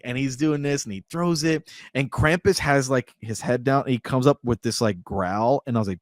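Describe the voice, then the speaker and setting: A man co-hosting a movie podcast, retelling scenes in an animated, excitable way in casual chat. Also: medium pitch, brisk, hardly any pauses, no echo, studio quality. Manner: animated storyteller, acts out scenes. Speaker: podcast co-host.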